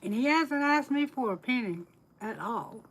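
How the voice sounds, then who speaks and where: A woman's voice: a little high, expressive, normal speed, poor audio. A woman tarot reader chatting candidly on a live stream, telling personal stories and laughing often. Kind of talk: casual live-stream chat.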